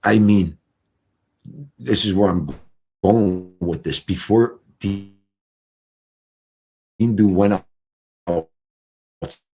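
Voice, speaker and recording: A middle-aged man telling stories casually on a livestream, animated, swinging from loud exclamations to quiet mutters. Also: sits low, slow pace, gravelly, long pauses. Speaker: streamer.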